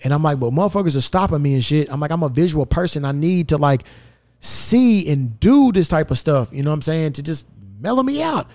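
Animated, profane man telling a story. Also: fairly high pitch, fairly quick. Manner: profane, animated, acts out quoted dialogue. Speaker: podcast host. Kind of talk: casual storytelling chat. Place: podcast studio.

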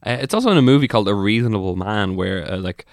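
A man's voice: on the low side, lively intonation, quick pace, no echo, clean studio sound. A man co-hosting a comedy podcast, casual and hedging with filler words. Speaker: podcast co-host.

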